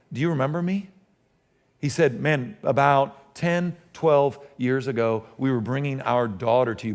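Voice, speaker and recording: A middle-aged man, a pastor telling a story in a sermon in a conversational, animated way with frequent restarts. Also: medium pitch.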